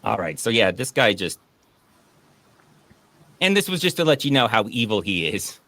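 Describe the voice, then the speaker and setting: A man's voice: on the low side, very animated, moderate pace, a bit bright, dry recording. Man, casual host, sarcastic jokes, dry close sound. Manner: joking, sarcastic. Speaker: podcast host. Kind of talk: casual chat.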